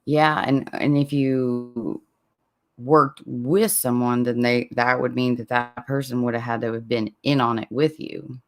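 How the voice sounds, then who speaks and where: A man hosts a laid-back true crime podcast Q&A in a middle-pitched, everyday voice. He talks in loose, meandering bursts, restarting sentences and wandering off on tangents before pulling himself back. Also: little pitch movement, measured pace. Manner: rambling, self-interrupting, laughs at himself. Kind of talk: casual Q&A chat with listeners.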